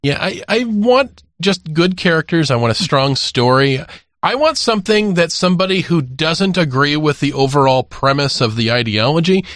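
A man co-hosting a podcast, thinking out loud in casual chat. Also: on the high side, expressive, normal speed, dry recording, studio quality. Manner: thoughtful, talks through ideas with fillers. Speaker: podcast co-host.

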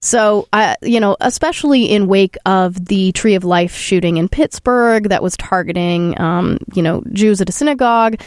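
A woman from the hosting a casual discussion, chatty and quick to laugh, with many fillers. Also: medium pitch, a little mellow, dry recording, studio quality. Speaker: podcast host.

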